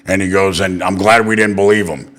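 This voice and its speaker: A man's voice: sits low, steady tone, fairly quick, a bit bright. A man hosting a political interview show, chatting loosely and telling profane stories with acted-out quotes. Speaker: podcast host. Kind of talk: casual political interview chat.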